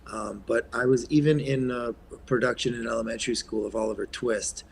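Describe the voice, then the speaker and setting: A man from Quebec, a guest actor, chatting in an interview in a soft-spoken way that often trails off, with plenty of ums and uhs. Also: medium pitch, steady tone, a little fast, gravelly, slight background noise. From Eastern Canada, Quebec. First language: French. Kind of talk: casual interview chat.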